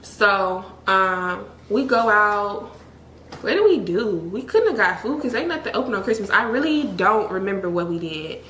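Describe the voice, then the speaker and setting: Young woman vlogger with a bright voice, blunt candid storytelling, roomy echo. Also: mid-range voice, big pitch swings, normal speed, a little hiss or hum. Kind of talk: storytime vlog. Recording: echoey room.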